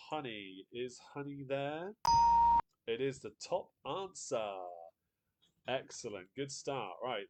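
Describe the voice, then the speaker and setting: A man hosting a live online quiz, chatty, reading out viewer guesses and laughing often. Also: medium pitch. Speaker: quiz host.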